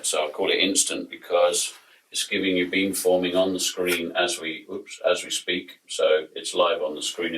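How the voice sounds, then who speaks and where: A man's voice: fairly bright tone, a little hiss or hum, rough recording. A man giving a casual, chatty product demonstration with small self-deprecating jokes, his voice picked up by a camera mic a little way off as he moves around. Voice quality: very deep, gravelly and husky. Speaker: product distributor presenting equipment.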